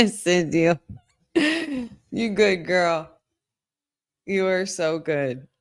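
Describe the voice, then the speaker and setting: Slow-talking excitable woman watch-along host. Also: fairly low pitch. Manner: excitable, talks to viewers, exclaims at the action. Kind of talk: live watch-along commentary.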